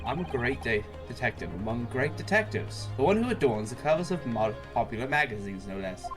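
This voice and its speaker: A man voicing a pompous, eccentric British gentleman detective in a video game, with a grand, theatrical and drawn-out delivery. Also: mid-range voice, sing-song, music in the background, natural voice. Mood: boastful. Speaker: streamer voicing game dialogue.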